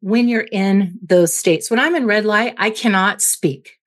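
An unhurried woman with a medium pitch, she's a clinical psychologist answering interview questions. Emotions get explained through everyday analogies, and she often tags her points with "right?"

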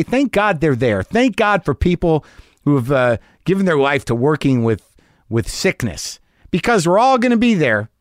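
A man's voice: medium pitch, no room sound. Neurotic, self-mocking man, dry close mic. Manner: anxious, self-mocking, swears when worked up. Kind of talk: rambling personal monologue.

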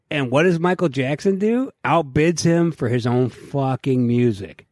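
A man's voice: medium pitch, normal speed, few pauses, no room sound, clean studio sound. A man co-hosting a podcast, telling stories with lots of swearing and acted-out quotes in casual chat. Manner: loud, swearing, animated storytelling with put-on quotes. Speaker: podcast co-host.

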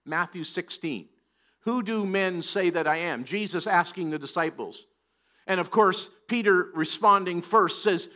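A man's voice: high-pitched, a little slow, pushed and bright. A middle-aged man preaching a sermon, animatedly acting out scripture voices. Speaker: pastor.

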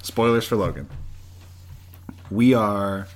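A man co-hosting a casual podcast who tells stories excitedly and laughs often. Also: on the low side, slow pace. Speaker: podcast co-host. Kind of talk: casual chat.

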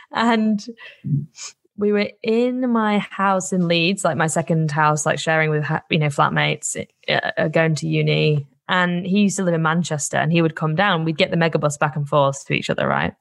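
Animated young woman telling a story. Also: deep voice, normal speed, creaky. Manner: animated, laughs often, many likes. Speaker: guest, campaigner. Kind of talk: casual chat, storytelling.

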